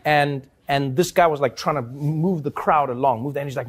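A man from Africa, telling funny stories in an animated way, laughing often. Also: on the high side, normal speed, slightly rough. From South Africa. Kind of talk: casual comic storytelling.

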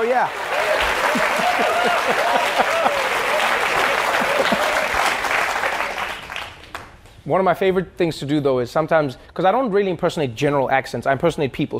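A man comedian taking audience questions in a fairly high, bright voice, animated and quick to laugh. Crowd murmur and laughter sit constantly under his voice in a noisy hall. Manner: animated, laughing storyteller who slips into impressions. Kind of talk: live stand-up style audience Q&A. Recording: live audience noise in hall.

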